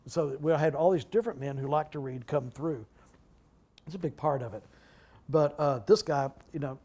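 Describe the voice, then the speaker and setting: Higher-voiced older man telling stories. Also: warm tone. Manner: halting, with many restarts and asides. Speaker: guest speaker, retired library director. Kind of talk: anecdotal storytelling at a public talk.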